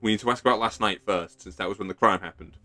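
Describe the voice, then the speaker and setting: A man voicing a frog detective in his own everyday voice, matter-of-fact and deadpan. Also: lowish voice, quick pace, no room sound, faint music behind. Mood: questioning. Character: dry, no-nonsense frog detective. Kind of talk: voice acting while playing a game.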